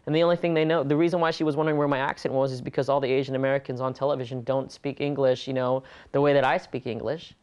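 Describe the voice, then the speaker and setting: A man from California in a relaxed interview, talking earnestly and in an animated way, laughing easily between points. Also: medium pitch, rapid-fire, hardly any pauses, clean tone, dull audio. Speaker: interview guest, stage performer. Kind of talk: conversational interview.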